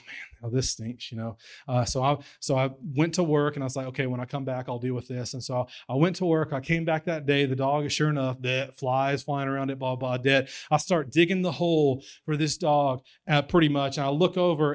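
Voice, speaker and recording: A man's voice: a little high, moderate pace. Folksy preacher man. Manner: folksy storytelling, builds to excited emphasis. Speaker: pastor. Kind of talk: sermon.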